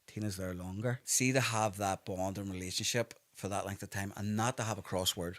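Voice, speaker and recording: A man's voice: lowish voice, steady tone, a little fast, fairly bright tone, no echo. A man, a personal trainer chatting as a podcast guest and often tagging "do you know" onto what he says. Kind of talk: casual podcast chat.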